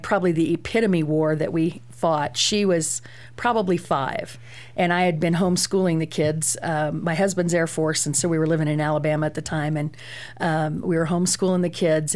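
A middle-aged woman, a guest parent, telling lively stories about raising her daughter on a talk show. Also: low voice, normal speed. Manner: lively anecdotal telling with fillers.

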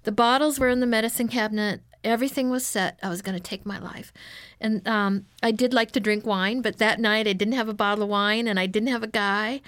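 A woman's voice: mid-range voice, steady tone, a little fast, a bit bright, no room sound. A woman guest on an interview, telling her life story in an earnest, emotional way. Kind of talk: personal testimony in an interview.

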